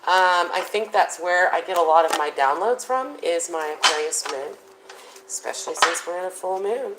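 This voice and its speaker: A woman's voice: lowish voice, moderate pace, noisy background. A woman doing a casual tarot reading, chatty and thinking aloud with plenty of fillers. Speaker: tarot reader.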